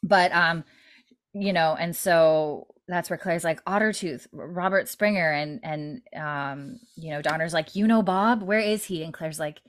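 A woman's voice: on the low side, unhurried. A woman casually recapping a TV episode with a co-host, rambling with lots of fillers and quoting the characters' lines. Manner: rambling, filler-heavy retelling with quoted lines. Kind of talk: casual chat.

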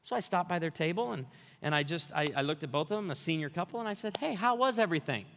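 A man preaching a sermon with a high, bright voice that rings through a long reverberant hall. He tells humorous stories and builds to energetic challenges. He sounds like a pastor addressing a congregation. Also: quick pace, a little hiss or hum. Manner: storytelling with humor, rising to energetic exhortation.

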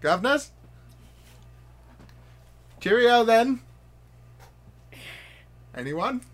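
A man voicing a polite, bewildered man just out of a coma, in a deliberately bad put-on British accent, as improvised comedy. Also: a little high, big pitch swings, a bit bright, husky, exaggerated voice. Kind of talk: improvised comedy role-play.

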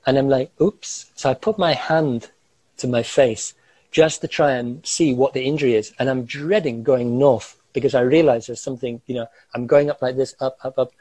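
A man recounts a harrowing experience from his own life, animated and given to quick chuckles. His voice is mellow and a bit husky. The recording is dry and close, with no room sound. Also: mid-range voice, no room sound, low-quality recording. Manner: animated, gestures while talking, chuckles through tense moments. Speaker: guest recounting a personal ordeal. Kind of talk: vivid first-person storytelling.

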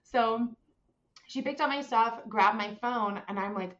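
A young woman telling a personal story in a casual, animated way, full of fillers, acting out what people said. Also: on the high side, unhurried, lo-fi sound. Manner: animated, many fillers, acts out voices in quotes.

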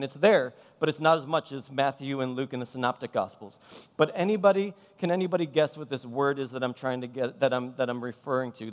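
A man preaching a sermon as pastor, impassioned and emphatic, driving points home with repeated phrases. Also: mid-range voice. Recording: long hall reverb.

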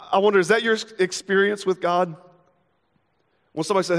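Brief: young man, pastor preaching, slightly high voice, long hall reverb, casual and playful. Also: big pitch swings. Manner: casual, playful, acts out everyday dialogue in quick asides. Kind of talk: sermon. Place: church sanctuary.

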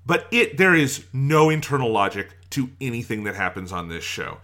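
A podcast co-host rants in exasperation about a show, firing off rhetorical questions in a casual review discussion. His medium-pitched voice swings widely in pitch, with a sharp tone and a moderate pace.

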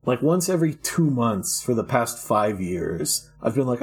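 A man's voice: mid-range voice, sing-song, a little slow, slightly rough, soft background music. A man co-hosting a podcast, rambling and joking crudely in casual chat. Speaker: podcast co-host.

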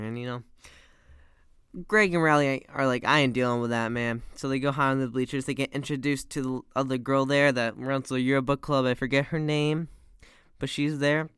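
A man's voice: mid-range voice, a bit bright, smooth, no echo, clean studio sound. A teenage boy rambling animatedly in slang as he reviews a movie series. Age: teens.

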